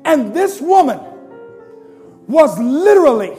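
A male preacher telling a dramatic sermon story, acting out its characters and rising to shouted appeals. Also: very high voice, big pitch swings, slow pace, soft background music.

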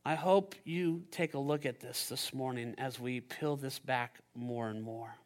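A man preaching a sermon, telling a story and building to loud climaxes. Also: medium pitch, measured pace. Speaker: pastor.

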